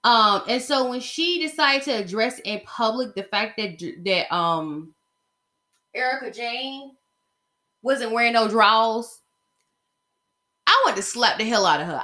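A woman's voice: fairly high pitch, animated, normal speed, bright, forceful tone, reverberant. A woman from the American South hosting a podcast, talking about reality TV in a blunt, chatty gossip style, with slang and lots of fillers. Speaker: podcast host. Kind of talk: casual gossip monologue.

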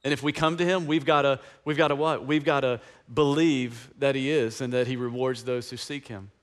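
A man's voice: mid-range voice, fairly even intonation, moderate pace. A male pastor from East Tennessee, preaching an Easter sermon with passion and call-and-response. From East Tennessee, USA.

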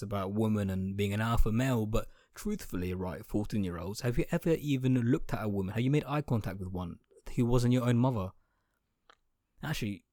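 A man's voice: mid-range voice, darkish tone, no echo, studio quality. A young man, ranting sarcastically on his podcast from his room, swearing freely and trailing off into mumbled asides. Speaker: podcast host. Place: home room.

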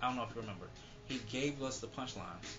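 A man co-hosting a podcast, talking in loose, profane, animated chat and laughing readily. His voice sits at an ordinary pitch and comes through a dull, lo-fi recording. Music plays clearly behind him. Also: quick pace. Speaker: podcast co-host. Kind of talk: casual chat.

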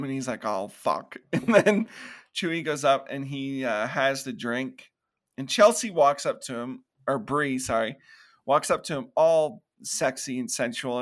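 A podcast co-host chats casually about a horror movie, retelling its scenes with put-on quotes and laughter. His mid-range voice has a fairly bright tone.

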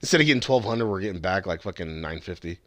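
A man's voice: low voice, lively intonation, quick pace, bright, forceful tone, no room sound, clean studio sound. A young man chatting casually and profanely, rambling with frequent restarts. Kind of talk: casual chat.

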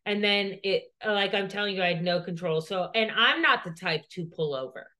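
Bright and forceful, her mid-range voice keeps a moderate pace while she co-hosts a podcast. The personal story she shares rambles, includes profanity, and is full of "like".

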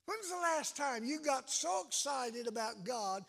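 A man preaching a sermon, shouting and chanting phrases in a slow, drawn-out, impassioned way. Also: very high-pitched, animated, gravelly. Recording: echoey hall.

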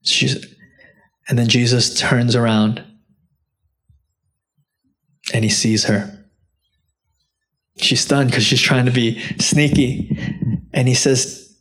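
A man preaching a sermon, earnest and direct, rising to impassioned peaks and dropping low and soft when quoting. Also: little pitch movement, takes it slowly, pauses often. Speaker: pastor.

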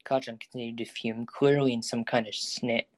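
Brief: male narrator for a fan audio drama, mid-pitched and flat, dry close sound. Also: moderate pace, no echo. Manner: even, steady storytelling.

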